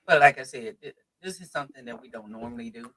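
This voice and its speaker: A man's voice: mid-range voice, fast talker, rough recording. A man hosting a live online talk show over video call, playful and calling out to his viewers. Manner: lively, playful, calls out to viewers. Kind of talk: casual live-stream hosting.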